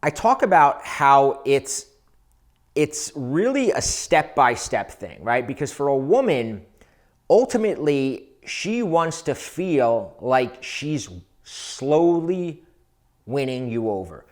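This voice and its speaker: A man's voice: medium pitch, very animated, slow pace. A man speaking as a dating coach, giving casual, conversational advice to viewers, often repeating words as he goes. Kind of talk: advice monologue.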